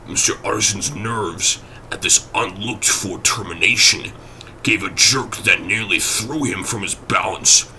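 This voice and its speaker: A man narrating an audiobook in a dramatic, expressive reading. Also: lowish voice, a little hiss or hum, rough recording.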